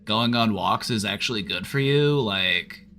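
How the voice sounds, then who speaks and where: A man's voice: on the low side, measured pace, sharp tone, slight background noise. A man voicing a whiny, nasal know-it-all teenager who nags and lectures. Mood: whiny nagging.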